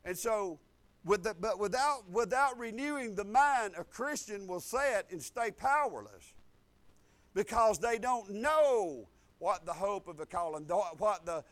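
A man, preaching a folksy sermon that repeats phrases and builds to loud declarations. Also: high-pitched, expressive, a little slow. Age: 50s.

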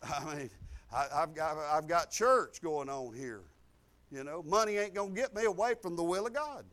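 An older man preaching a sermon, folksy and exuberant, breaking into loud outbursts. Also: on the high side, moderate pace. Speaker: pastor.

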